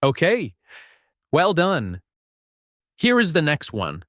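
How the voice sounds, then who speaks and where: A man teaching a beginner English lesson, speaking slowly and patiently and modeling sentences for listeners to repeat. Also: mid-range voice, very animated, fairly bright tone, no room sound, studio quality. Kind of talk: slow, clear spoken English lesson.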